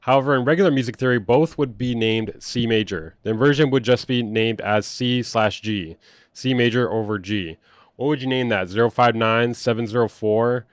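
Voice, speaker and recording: A young man talks through a casual livestream, blunt and sarcastic, swearing often as he picks apart online drama. His voice sits at an ordinary middle pitch. The sound is close and dry, with no room echo. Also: moderate pace. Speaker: music producer streamer reacting to online drama.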